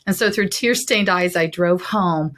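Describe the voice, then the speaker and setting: Middle-aged woman telling her faith story, earnest heartfelt, bit low voice. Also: unhurried, a bit bright. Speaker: guest sharing her testimony. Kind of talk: personal testimony in an interview.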